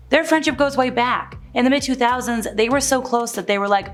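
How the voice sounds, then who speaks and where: A woman's voice: fairly high pitch, animated, fast, faint music behind. A woman hosting an entertainment news video in a casual, conversational way, often paraphrasing people with "like". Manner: chatty, conversational, paraphrases others with "like". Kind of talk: casual celebrity gossip commentary.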